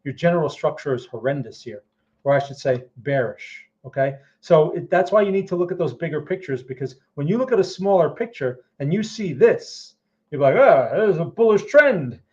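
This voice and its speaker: A man's voice: a little high, lively intonation, fairly quick, a little mellow, lo-fi sound. A man giving casual market commentary to viewers, checking in often with "right?" and "okay?" as he walks through charts. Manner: conversational, frequent "right?" and "okay?" check-ins. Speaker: trading educator answering viewer questions.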